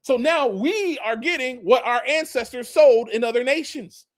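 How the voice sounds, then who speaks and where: A man giving a casual scripture teaching, animated, often laughing and reading verses aloud. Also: extremely high pitch, normal speed, no echo, studio quality. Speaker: preacher.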